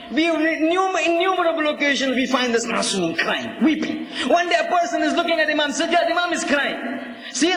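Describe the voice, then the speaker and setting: Preacher guy lecturing, emphatic, goes to shouting a lot, really high voice, echoey hall. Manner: emphatic, often rising to a shout, asks the audience questions. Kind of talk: religious lecture. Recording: echoey hall recording with faint ambience.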